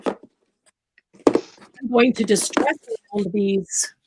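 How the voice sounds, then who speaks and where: A woman's voice: mid-range voice, takes it slowly, background noise. A woman hosting a live craft tutorial, chatting and explaining each step aloud while she works. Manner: chatty, laughs often, explains steps aloud.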